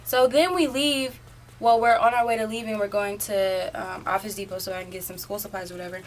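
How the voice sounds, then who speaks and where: A woman's voice: medium pitch, fairly even intonation, fairly quick, a little hiss or hum. An eighteen-year-old woman telling a story in a casual, rambling way, filling it with "like" and "um". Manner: rambling, filler-heavy, often says "like". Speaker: vlogger.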